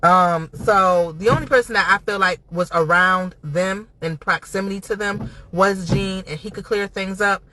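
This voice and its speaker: A man's voice: high voice, normal speed, few pauses, sharp tone, a little hiss or hum, rough recording. A man hosting a reaction video, giving blunt, profane, chatty commentary. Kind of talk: casual commentary.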